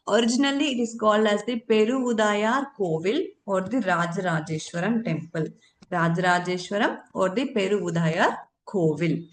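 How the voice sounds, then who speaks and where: A woman's voice: mid-range voice, a little hiss or hum. A woman teaching a current affairs lesson for exam candidates, repeating key terms and answering her own questions.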